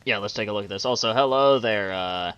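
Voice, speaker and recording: Brief: sarcastic male streamer, crude jokes, bright edgy tone, dry muffled low-quality mic. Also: a little fast, clear, resonant tone, no room sound, faint music behind. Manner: crude, sarcastic, laughs often. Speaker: stream host. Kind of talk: casual commentary stream chat.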